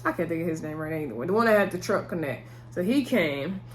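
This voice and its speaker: A woman's voice: on the low side, animated, quick pace, a little hiss or hum. A woman giving a casual TV episode recap from a table, talking with her hands, chatty, retelling scenes and calling viewers y'all. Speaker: TV episode reviewer. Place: indoors at a table.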